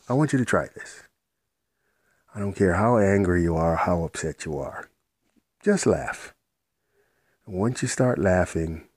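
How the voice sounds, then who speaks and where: Man for a rambling motivational vlog, deep husky voice, blunt and profane, very dry close sound. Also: darkish tone, dry recording. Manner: blunt, rambling, repeats himself, swears casually. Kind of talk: unscripted motivational monologue.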